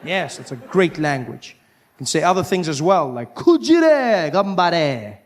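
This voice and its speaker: A male comedian doing stand-up before a live audience, animated and often breaking into put-on voices. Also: a little high, moderate pace.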